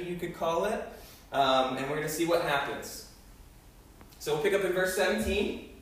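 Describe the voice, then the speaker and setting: A man's voice: on the high side, a bit bright. A man preaching a sermon in a casual, conversational way, with many asides to his listeners. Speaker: pastor. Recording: echoey hall, voice from far off.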